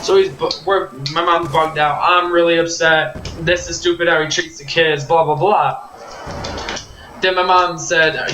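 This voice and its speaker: A man's voice: a little high, steady tone, a little slow, pushed and bright, a little hiss or hum. Young man ranting in an echoey room. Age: young adult. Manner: rambling, heated, frequent restarts. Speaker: vlogger telling a story. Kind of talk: casual storytelling.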